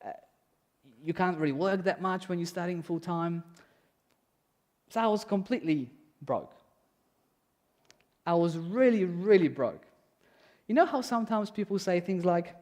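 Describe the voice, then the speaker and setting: A young man preaching a sermon in a church, conversational and animated, voicing quotes playfully. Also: sits high, unhurried, pauses often. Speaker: pastor.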